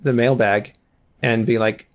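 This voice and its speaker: Guy co-hosting a podcast, relaxed chat, dry jokes, plain mid voice. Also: medium pitch, a little slow, dull audio. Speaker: podcast co-host. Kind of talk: casual chat.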